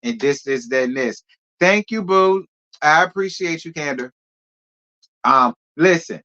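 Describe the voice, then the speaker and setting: A man's voice: fairly high pitch, lively intonation, measured pace, sharp tone, dull audio. A man giving casual celebrity gossip commentary, sassy and talking straight to his viewers.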